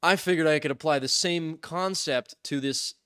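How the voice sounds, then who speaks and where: Brief: young male podcast co-host, slightly high voice, animated storyteller who acts out quotes, dry close mic. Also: moderate pace, clear, resonant tone, dry recording. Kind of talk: casual storytelling.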